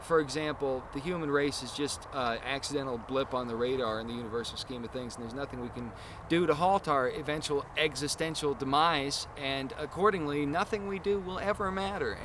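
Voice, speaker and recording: A man's voice: mid-range voice, noisy background. A man hosting a casual podcast chat, talking in long, earnest, rambling explanations. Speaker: podcast host.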